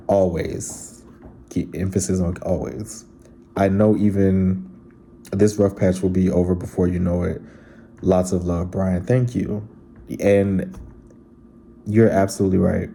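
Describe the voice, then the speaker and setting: Low, very dark-voiced man. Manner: earnest and heartfelt, addressing viewers directly. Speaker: vlogger reading viewer comments. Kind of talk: casual chat.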